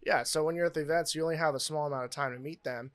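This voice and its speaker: A man's voice: a little high, fairly even intonation, rapid-fire, fairly bright tone. A man co-hosting a casual reaction chat, explaining things in an easygoing way. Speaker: co-host.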